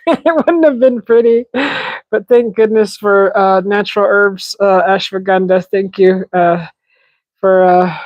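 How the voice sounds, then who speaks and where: A woman's voice: medium pitch, measured pace, a little mellow, dry recording, highs cut off. A woman hosting a casual livestream, chatting to viewers in a loose, giggly way with lots of restarts. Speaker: livestream host. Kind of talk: casual live chat with viewers. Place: outdoors in a desert yard.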